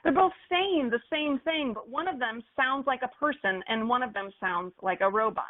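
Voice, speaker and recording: A woman with a fairly high voice teaches in an upbeat, animated way. She acts out playful examples as she explains. The sound is thin and narrow, like it came down a phone line. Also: normal speed. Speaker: marketing instructor for golf courses. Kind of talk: webinar lesson on copywriting.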